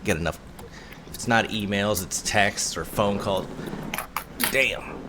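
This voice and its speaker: A deep-voiced man chats casually as game master of a tabletop session. He is relaxed and laughs easily. A faint hiss runs under his home recording. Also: takes it slowly. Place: home room.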